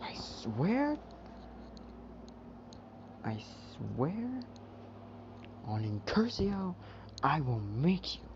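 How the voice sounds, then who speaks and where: A man's voice: mid-range voice, very animated, drawn-out words, pauses often, exaggerated voice. A man voicing a laid-back, bashful teenage boy hero, in an offhand, mumbled way. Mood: easygoing. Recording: dull, noisy home mic.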